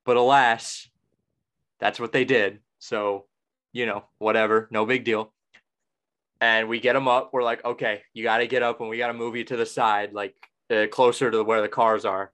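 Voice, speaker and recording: Young guy hosting a podcast, rambles and corrects himself a lot, mid pitch. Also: little pitch movement, moderate pace, fairly bright tone. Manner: rambling, self-correcting storyteller. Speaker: podcast host. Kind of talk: casual podcast chat.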